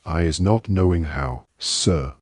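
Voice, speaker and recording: A man's voice: sits low, slow pace, darkish tone, slightly rough, no echo, studio quality, full character voice. A man voicing a frightened female house-elf who stammers and pleads in broken grammar. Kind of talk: audiobook reading.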